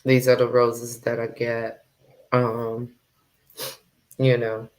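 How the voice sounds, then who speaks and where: A woman hosting her own live stream, talking casually and taking her time. Her words come slowly and loosely, with easy pauses as she greets the people watching. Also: a bass voice, monotone. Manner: unhurried, chatty, reads out viewer comments. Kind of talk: casual chat.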